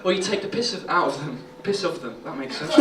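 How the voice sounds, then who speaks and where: Crude comic in an echoey pub. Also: male voice, sits high. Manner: crude, chatty, laughing at own jokes. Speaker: stand-up comedian. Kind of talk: stand-up comedy set. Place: small comedy pub stage with audience. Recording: echoey room, distant mic, loud crowd.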